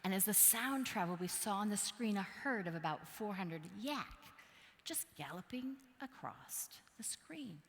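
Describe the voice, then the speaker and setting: A woman from Wisconsin giving a motivational keynote speech, telling a story in a playful, animated way and acting out voices and sounds. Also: medium pitch, a little slow. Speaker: keynote speaker. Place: large conference hall. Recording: long hall reverb.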